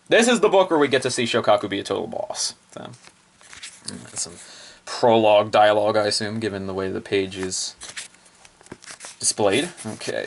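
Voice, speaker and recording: A man's voice: on the low side, vocal fry, fairly bright tone, a little hiss or hum. A man casually reviewing printed books, chatty and off-the-cuff, chuckling often. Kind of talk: casual book review chat.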